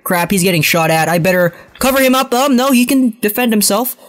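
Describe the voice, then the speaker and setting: Excitable young gaming commentator. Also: male voice, high voice, a little fast. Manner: excitable, frustrated outbursts and self-mocking rants. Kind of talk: live gameplay commentary.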